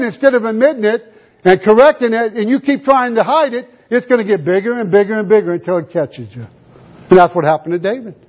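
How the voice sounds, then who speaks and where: A man preaching a sermon, emphatic and full of rhetorical questions to his congregation. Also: high-pitched. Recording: dull lo-fi recording.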